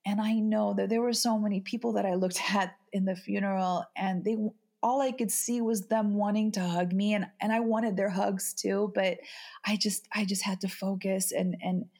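A middle-aged woman speaking as a podcast guest, halting and repeating her words as she talks through grief. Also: mid-range voice, steady tone, a little mellow. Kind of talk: emotional podcast conversation.

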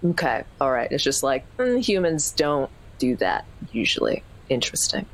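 A woman with a notably low voice plays a tabletop vampire game, chatting in an upbeat way and checking details with the game master. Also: big pitch swings, moderate pace, rough recording. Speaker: player.

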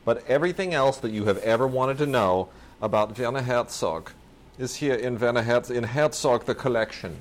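A man's voice: medium pitch, moderate pace, slight background noise. A man co-hosting a podcast, rambling enthusiastically and with some self-mockery about a film collection. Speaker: podcast co-host. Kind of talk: casual chat about home video releases.

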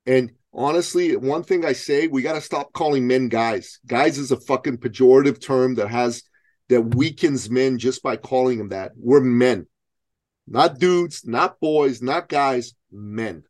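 On a remote video call for a casual podcast, a man in his forties speaks unhurriedly in a medium-pitched, darkish voice. He is blunt and emphatic, swearing often. The recording is dry.

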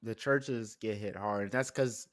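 A man's voice: fairly low pitch, slow pace, dry recording. A man co-hosting a podcast, chatting casually with a laid-back, joking manner. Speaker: podcast co-host. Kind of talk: casual chat.

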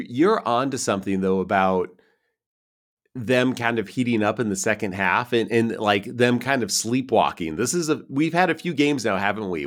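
A man co-hosting a casual sports podcast, chatty and self-mocking, running through lists of numbers. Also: on the low side. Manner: loose and self-mocking, reads stats in quick lists. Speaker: podcast co-host.

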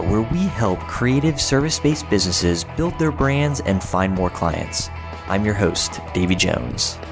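A man hosting a podcast in casual chat, relaxed and saying "you know" often. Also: mid-range voice, vocal fry. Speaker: podcast host.

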